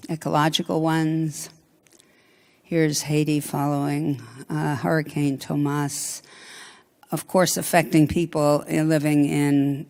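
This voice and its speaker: A woman's voice: sits low, creaky. A woman giving an academic conference talk, thinking aloud with frequent ums and self-corrections. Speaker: conference speaker. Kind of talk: academic lecture. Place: lecture hall. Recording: reverberant lecture hall.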